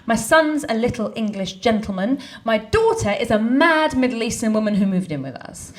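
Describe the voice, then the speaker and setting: Lively woman doing stand-up. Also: fairly high pitch, moderate pace, hardly any pauses, a little hiss or hum. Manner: lively storytelling, acts out quotes. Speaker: comedian. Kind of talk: stand-up comedy.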